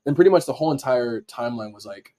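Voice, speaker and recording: Warm and fast, with lively intonation and a medium pitch, a young man tells a casual story as a podcast guest. The dancer and editor swears a bit and performs the lines people said.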